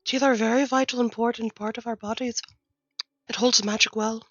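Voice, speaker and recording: A woman's voice: on the high side, steady tone, a little fast, fairly bright tone, no room sound, dull audio. A woman player speaking for her character in a tabletop role-playing game, in a courteous, in-character way.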